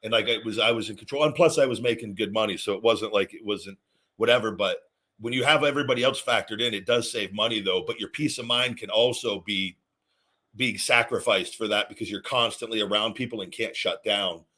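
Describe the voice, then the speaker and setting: Man, podcast host, bright forceful tone, easygoing storytelling, restarts a lot. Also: lowish voice, fairly quick. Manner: relaxed storytelling with frequent restarts. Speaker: podcast host, former wrestler. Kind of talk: casual podcast chat.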